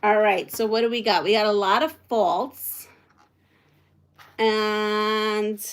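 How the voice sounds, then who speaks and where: A woman's voice: medium pitch, steady tone, slow pace. A woman hosting a quilting livestream from home, chatting casually with viewers and thinking aloud as she sews. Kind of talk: casual live chat while sewing.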